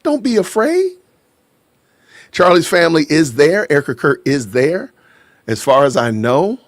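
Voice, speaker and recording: A man hosting a casual livestream podcast, playful and quick to laugh while shouting out viewers. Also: a little high, expressive, dry recording, studio quality. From Aurora, Illinois. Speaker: podcast host. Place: home in Georgia.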